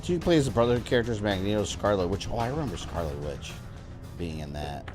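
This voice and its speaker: A man's voice: fairly low pitch, animated, brisk, over music. A man from Florida chatting casually and rambling while streaming a video game, with the odd swear word. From Florida, USA. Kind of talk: casual gaming livestream chat.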